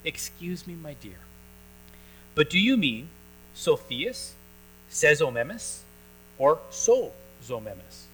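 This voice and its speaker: A male pastor voicing a kindly, gentle old bishop who speaks softly and politely. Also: on the high side, big pitch swings, takes it slowly, faint music behind, heavily acted, poor audio.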